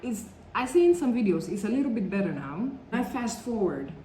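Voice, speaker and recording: A woman's voice: a little high, big pitch swings, normal speed, mellow. Chatty woman vlogging in an echoey room. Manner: chatty, rambling, full of "like" and "you know". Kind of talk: casual storytime chat. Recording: roomy echo with faint background noise.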